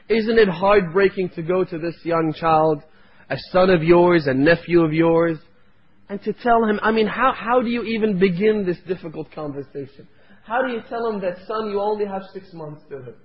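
A man preaching a narrative sermon in an impassioned, pleading way that rises to near-shouts. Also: a little high, husky. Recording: dull lo-fi recording.

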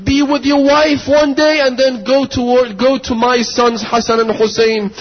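High-voiced impassioned male preacher. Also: level tone, normal speed, hardly any pauses, slight background noise. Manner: storytelling, rising to crying shouts. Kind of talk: impassioned religious sermon. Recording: dull lo-fi recording.

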